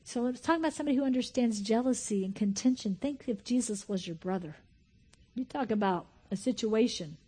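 A high-voiced woman in her fifties delivers a sermon with a husky, breathy edge. She shifts from loud excited outbursts to near-whispered intimacy. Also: a little fast. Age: 50s. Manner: swings from loud excited exclamation to hushed whispering, laughs often. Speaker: preacher.

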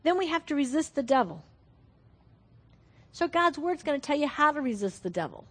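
A woman's voice: high-pitched, very animated, moderate pace. A woman preaching a sermon in a fervent, earnest way, repeating her points for emphasis.

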